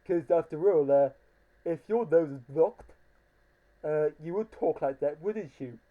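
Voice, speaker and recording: A woman's voice: low-pitched, measured pace, narrow, tinny audio. A woman voicing a little toy wolf who talks through a blocked nose. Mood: explaining. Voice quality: stuffed-up nasal.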